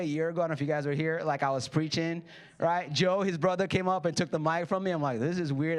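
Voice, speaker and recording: A man in his thirties preaching a sermon in church, joking with the congregation and acting out the people in his stories. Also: high voice. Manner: playful, jokey preaching with acted-out quotes. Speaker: pastor. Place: church hall.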